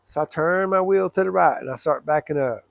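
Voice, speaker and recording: A truck driver with a high, gravelly voice tells a story casually to the camera. He is animated and swears freely, acting out both sides of an argument. The sound is dry and close. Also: a little fast, dry recording.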